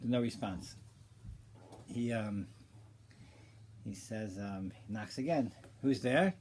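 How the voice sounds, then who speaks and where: A man giving an informal Torah class, telling a story in a casual, halting way with many restarts, sprinkling in Hebrew and Yiddish terms, and getting animated as he builds his point. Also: on the low side, slight background noise. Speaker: Torah teacher.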